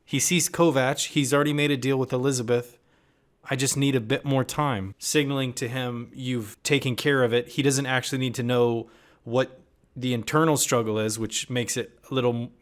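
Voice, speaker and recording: A man giving a casual reaction review of a TV episode, critical and puzzled, often reading out lines of dialogue. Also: mid-range voice. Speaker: TV series reviewer.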